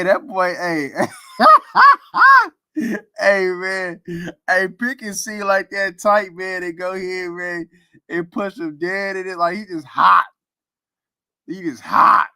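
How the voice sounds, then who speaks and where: A man's voice: high-pitched, pushed and bright, no room sound. A man hosting a casual sports talk stream, teasing and laughing often. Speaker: sports commentary host.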